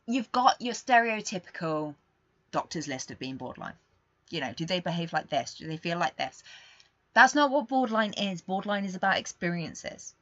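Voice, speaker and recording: A young woman hosting a podcast, talking candidly in a rambling, confessional way that swings between quiet and emphatic. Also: lowish voice, no room sound, dull audio. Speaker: podcast host. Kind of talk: casual confessional monologue.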